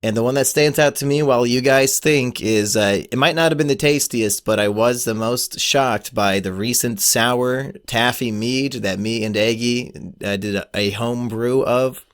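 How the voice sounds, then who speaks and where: A man with a mid-pitched voice hosts a casual podcast conversation. He teases his co-hosts with a dry sense of humor. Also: normal speed, hardly any pauses. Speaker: podcast host. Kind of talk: casual chat.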